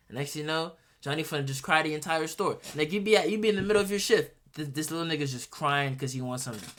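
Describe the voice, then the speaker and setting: Young male streamer, bright tone, swears often, rambles through restarts. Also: on the high side, fast, few pauses. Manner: blunt, profane, rambling with restarts. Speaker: streamer reacting to a video. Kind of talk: casual reaction commentary.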